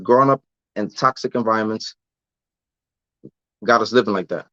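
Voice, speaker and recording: A man's voice: lowish voice, normal speed, bright, forceful tone, no echo. Slangy, restarting man on a dull mic. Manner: loose slangy talk with frequent restarts and repeated words. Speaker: vlogger answering live chat. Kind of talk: casual livestream chat.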